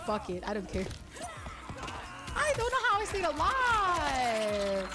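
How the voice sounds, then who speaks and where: A woman streaming a fighting game live, talking to her chat in an excitable, profane, trash-talking way. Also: sits high, slow. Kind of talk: live gameplay stream commentary. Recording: game music audible behind.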